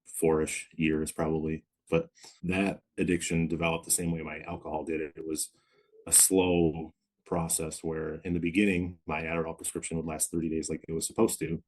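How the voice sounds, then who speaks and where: A man in his thirties, a podcast guest, telling his story of recovery in a reflective, measured way with many pauses. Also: a bass voice, flat delivery, darkish tone. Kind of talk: candid interview storytelling.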